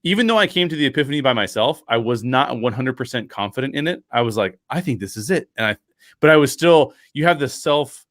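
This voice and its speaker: A man's voice: mid-range voice, fast, no room sound, studio quality. A man chatting as a guest on an interview podcast, telling a personal story with lots of restarts and acting out what others said. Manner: animated storyteller, acts out quoted dialogue; many fillers and restarts, frequent laughs.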